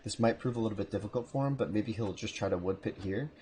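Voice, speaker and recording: A man casting a live strategy game match from home, with a relaxed, chatty manner and casual asides. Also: fairly low pitch, fast talker, a little hiss or hum. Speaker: esports caster. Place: home room.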